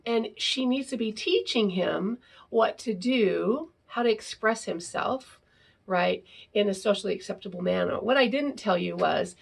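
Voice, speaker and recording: A woman's voice: medium pitch, gravelly, slightly rough. A woman explaining parenting ideas in a casual, conversational talk, often ending her points with "right?". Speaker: parenting educator.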